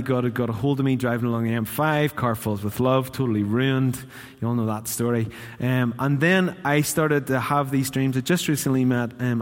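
A man's voice: mid-range voice, big-room sound. A man preaching a sermon in church, chatty and questioning his congregation. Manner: conversational, asks the congregation questions. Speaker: pastor.

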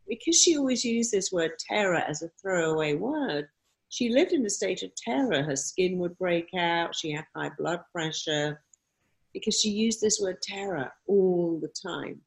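A woman's voice: on the low side, lively intonation, unhurried, vocal fry. A woman answering interview questions in an emphatic way, often acting out quoted self-talk. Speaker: guest speaker on mindset.

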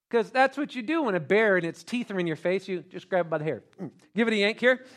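A male pastor preaching a sermon, animated and joking, calling out to the congregation. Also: high-pitched, fast talker.

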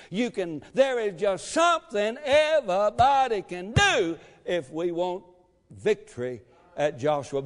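High-voiced preacher in a reverberant church. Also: male voice. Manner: emphatic, calls for amens, shouts at peaks. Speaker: pastor. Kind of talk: sermon. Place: church sanctuary. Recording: long reverb of a church hall.

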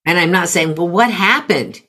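A middle-aged woman coaching parents in conversation, calmly explaining with example phrases. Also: lowish voice, moderate pace. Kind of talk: conversational teaching.

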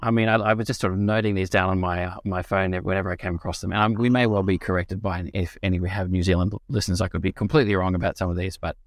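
A man with an Australian accent, co-hosting a podcast in relaxed casual chat, restarting his sentences often. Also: low voice, rapid-fire, hardly any pauses, no room sound, clean studio sound. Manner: relaxed, with frequent restarts and fillers. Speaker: podcast co-host.

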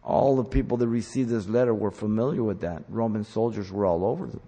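A man preaching a sermon, teaching in an emphatic style that rises to loud commands. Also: fairly low pitch, brisk, slightly rough. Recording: long hall reverb.

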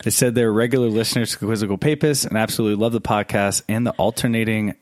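A man, a priest, hosting a casual podcast chat, animated and laughing often, jumping up high for emphasis. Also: fast talker, no room sound, studio quality. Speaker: podcast host; Catholic priest.

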